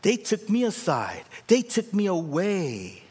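A man's voice: high voice, takes it slowly, husky. A young adult man from Korea preaching a sermon, telling a story and calling out to the congregation. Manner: animated, calls out to the congregation. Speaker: pastor. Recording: long hall reverb.

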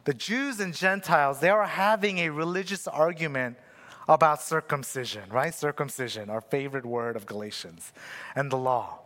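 A man's voice: a little high, normal speed, fairly bright tone. A young adult man preaching a sermon in a loose, conversational way, telling a personal story and often asking his listeners "right?". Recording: long hall reverb.

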